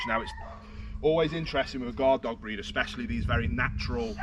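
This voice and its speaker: A British man working as a dog trainer, explaining his methods while giving firm short commands and high praise to a dog outdoors. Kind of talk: outdoor training demonstration with commentary. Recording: distant outdoor mic with heavy noise.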